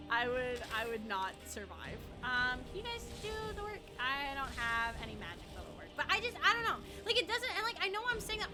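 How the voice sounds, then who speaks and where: A young woman streaming a game, chatting casually with viewers, swearing and laughing often. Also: on the high side. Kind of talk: casual gaming stream chat.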